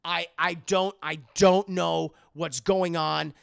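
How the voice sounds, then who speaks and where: A man's voice: on the high side, fairly even intonation, slow, gravelly, clean tone, no room sound, clean studio sound, heavily acted. A man voicing a young woman under a vampire's spell, drifting and dreamy at times and frightened at others, in a comic retelling. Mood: scared. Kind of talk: comic retelling of a film scene.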